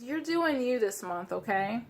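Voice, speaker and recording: A woman doing a casual card reading for her viewers, gentle and searching, with many fillers and restarts. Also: a little high, expressive, a little slow. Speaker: tarot card reader.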